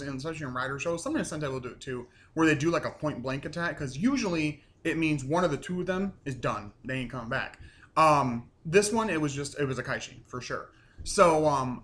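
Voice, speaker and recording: A man's voice: on the high side, a bit bright. A man casually recapping a TV episode at home, rambling with lots of fillers and casual swearing. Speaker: reviewer.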